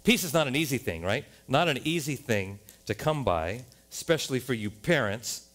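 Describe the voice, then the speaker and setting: A man with an American accent preaching a sermon as a pastor in a church, animated, often rising to loud exclamations and playful rhymes. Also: medium pitch, normal speed. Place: church sanctuary.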